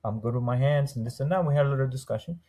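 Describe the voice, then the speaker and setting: A man's voice: medium pitch, racing, mellow. A man who owns a window treatment business, a podcast guest who chats casually, laughs often and acts out the voices in his stories. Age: young adult. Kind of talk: casual interview talk.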